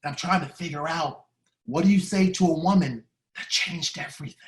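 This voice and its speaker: A man giving an emotional storytelling speech, heartfelt and dramatic, shifting between loud and hushed. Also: fairly high pitch, normal speed, echoey room. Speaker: speaker at a staff training day.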